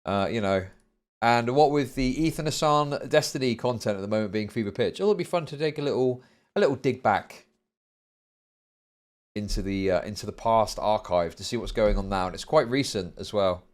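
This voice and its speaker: A man's voice: fairly low pitch, normal speed. A man casually commenting on a video during a live stream, mocking and crude with laughing asides.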